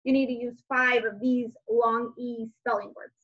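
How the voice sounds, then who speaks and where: A woman teacher with a somewhat high voice leads young children through their homework, musing aloud with soft hums and fillers. The sound is a little dull and lo-fi. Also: level tone, a little slow.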